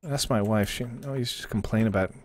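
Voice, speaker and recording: A man's voice: lowish voice, fairly quick, a little mellow. Joking man chatting with his stream. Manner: joking, rambling, easily distracted by chat. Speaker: livestream host. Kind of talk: casual chat with viewers while gaming.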